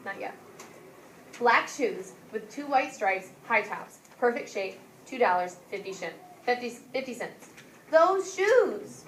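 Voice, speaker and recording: A woman's voice: medium pitch, a little slow, slight background noise. A woman teaching a class, explaining questions and reading a storybook aloud, acting out the lines. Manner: animated storybook reading with voiced characters. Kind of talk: classroom lesson with read-aloud. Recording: echoey classroom from far off.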